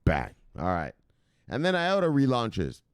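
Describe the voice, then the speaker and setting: A man with a lowish voice that swings widely up and down, chatting casually as host of a livestream. He rambles, curses without a second thought and shouts quick catchphrase goodbyes, and the sound is close and dry, with no room around it. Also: sing-song, no echo. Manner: profane, rambling, loud catchphrase sign-offs. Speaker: host of a cryptocurrency news livestream.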